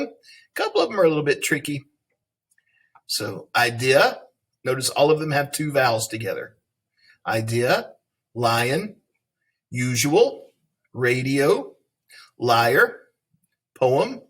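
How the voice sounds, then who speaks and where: Male teacher with a slightly raspy voice; patient and plain, walks a class through its spelling list. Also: mid-range voice, a bit bright. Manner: patient, talks students through word lists. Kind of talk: online reading lesson.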